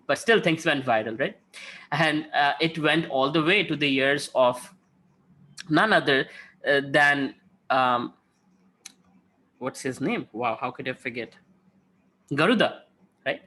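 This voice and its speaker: A man's voice: a little high, sharp tone. A man giving a conversational devotional talk, telling stories and often checking in with "right?". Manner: conversational, frequent "right?" tags, acts out quotes. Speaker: spiritual speaker.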